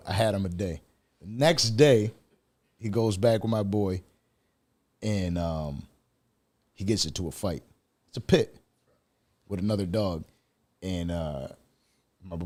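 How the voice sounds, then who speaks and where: A man's voice: low voice, slow, long pauses, warm tone. A man hosting a casual podcast interview, telling stories animatedly and swearing freely. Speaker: podcast host.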